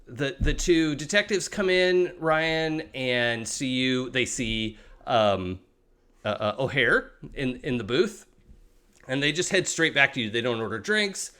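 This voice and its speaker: A man's voice: medium pitch, takes it slowly, bright, forceful tone, clear, resonant tone. A young adult man narrating a tabletop role-playing game as game master, with many fillers and restarts.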